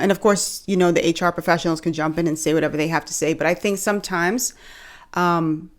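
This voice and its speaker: A young woman from the Bahamas chatting casually to camera as a video host, animated and joking, calling her viewers y'all. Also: fairly low pitch.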